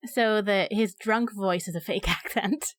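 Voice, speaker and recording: A woman's voice: mid-range voice, measured pace. A woman playing a tabletop game, chatty and upbeat. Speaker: player. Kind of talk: tabletop role-play chat.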